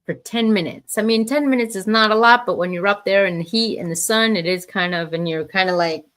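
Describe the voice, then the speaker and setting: A woman co-hosting a relaxed podcast. She reads offbeat headlines aloud and breaks off for dry, teasing remarks. Her voice sits at a middle pitch. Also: a little fast. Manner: wry, teasing, reads articles with asides. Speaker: podcast co-host. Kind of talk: casual news chat, reading headlines aloud.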